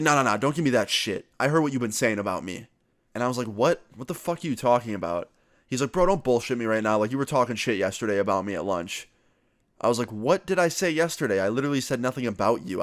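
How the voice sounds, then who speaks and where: A young man casually retelling a school story as a vlogger, swearing freely and acting out both sides of the conversation. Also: medium pitch. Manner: casual, profane, animated retelling. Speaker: youtuber. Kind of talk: storytime vlog.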